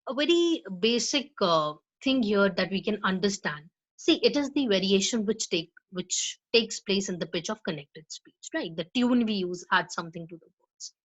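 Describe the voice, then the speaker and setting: A woman lectures students on pronunciation at a medium pitch, explaining each point and demonstrating example phrases aloud. She keeps checking in with her class as she goes. The recording is somewhat dull and lo-fi. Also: fairly bright tone. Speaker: spoken English teacher.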